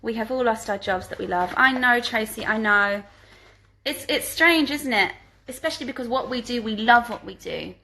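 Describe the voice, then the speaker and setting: Her voice sits on the high side, pushed and bright, at a moderate pace, on a rough recording with slight background noise. She's a musical theatre performer at home during isolation, casually answering fan questions she reads aloud on a live stream, giggling as she goes.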